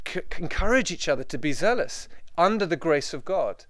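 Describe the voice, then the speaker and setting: A man's voice: on the high side, very animated, normal speed. A man preaching a sermon to a room of listeners, impassioned and emphatic, repeating his points. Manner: impassioned, emphatic and repetitive, dropping to quiet prayer.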